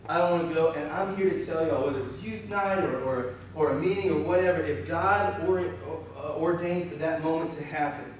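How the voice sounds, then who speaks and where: A man preaching a storytelling sermon as youth pastor, animated and conversational, his voice a little strained. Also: fairly high pitch, moderate pace, hardly any pauses, a little hiss or hum. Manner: animated, conversational, breaks into laughter. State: slightly strained voice. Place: church hall. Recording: very echoey hall, voice from far off.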